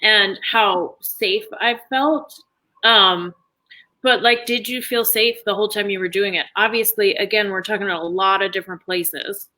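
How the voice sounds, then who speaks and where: A woman hosting a casual interview, asking relaxed, friendly questions. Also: medium pitch, normal speed, poor audio. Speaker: interview host.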